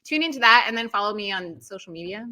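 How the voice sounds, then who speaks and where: A woman's voice: medium pitch, lively intonation, fast, bright, forceful tone. A woman who works as a sports reporter and podcast host, chatting casually and upbeat as a guest. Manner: upbeat, chatty, laughs easily.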